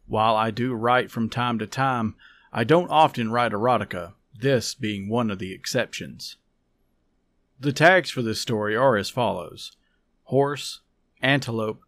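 A man hosting a podcast, reading a story aloud in a calm, measured, soft-spoken way. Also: mid-range voice. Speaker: podcast host and story reader. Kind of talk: scripted story narration.

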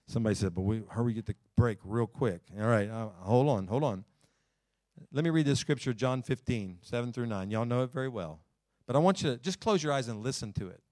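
A man preaching a sermon in church, folksy, climbing loud and then slowing down low to read scripture. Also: expressive, dry recording, studio quality. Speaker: pastor.

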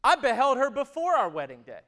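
A man in his thirties preaching a sermon, who moves from loud, emphatic stretches to hushed, intimate ones. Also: very high voice, huge pitch swings, a little fast. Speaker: pastor.

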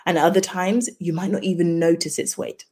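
A woman with a low, slightly husky voice speaks as a guest on an interview podcast. She is a midwife who explains her work reflectively, often slipping into little acted-out exchanges to make a point. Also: steady tone, brisk, a little mellow. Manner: reflective, explains by acting out example dialogues. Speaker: midwife and birth debrief facilitator, podcast guest. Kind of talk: conversational interview.

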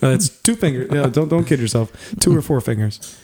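A man's voice: mid-range voice, animated, brisk, mellow. A man co-hosting a casual podcast with friends, wry and self-deprecating as he joins in the jokes. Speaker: podcast co-host. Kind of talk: joking banter.

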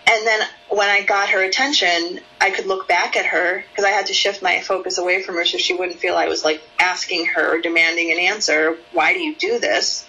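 A woman therapist explaining her work in an interview, sometimes acting out her own curious, soothing session voice with lilting high rises. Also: level tone, fairly quick, hardly any pauses, sharp tone, rough recording.

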